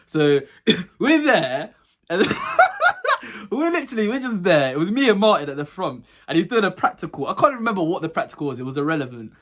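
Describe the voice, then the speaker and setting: A young man telling school stories to camera in a casual, animated way, laughing as he goes. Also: sits high, a little fast. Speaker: vlogger.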